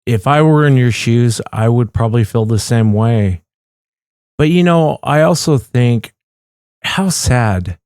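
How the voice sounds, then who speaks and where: A male radio host asking a gentle, sincere question. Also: medium pitch, expressive, unhurried, clean tone, no echo, studio quality. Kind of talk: radio interview.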